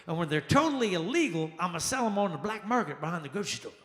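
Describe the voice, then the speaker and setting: A male stand-up comedian performing a lively set, exclaiming and acting out the people in his stories. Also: high-pitched, very fast. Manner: animated, exclamatory, acts out quoted people. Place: jazz lounge stage. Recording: echoey lounge with long reverb.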